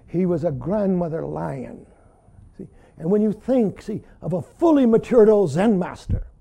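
Gravelly older man giving a dramatic dharma talk. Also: a little high. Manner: peppers speech with "see", swings from loud emphasis to hushed whispers. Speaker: Zen teacher.

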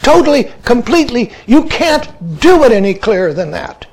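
Exasperated old Zen master, put on by a man, blunt, insistent, raised pitch. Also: very animated, normal speed, darkish tone, exaggerated voice.

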